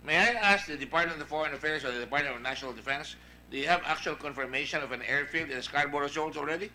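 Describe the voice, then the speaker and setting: A man's voice: on the high side, quick pace, sharp tone, a little hiss or hum, poor audio. A man with a Filipino accent chairing a senate hearing, questioning witnesses emphatically and wandering into asides. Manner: emphatic, digressive, reads out past exchanges.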